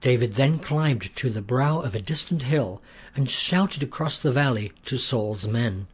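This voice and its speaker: A man narrating a story in a measured, earnest way. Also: medium pitch, expressive, breathy edge.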